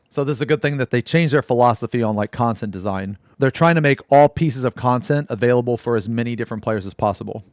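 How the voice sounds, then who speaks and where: A man's voice: mid-range voice, no room sound, studio quality. A man streaming a casual reaction, talking bluntly and with a lot of swearing as he rants about game news. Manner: blunt, profane, heated outbursts.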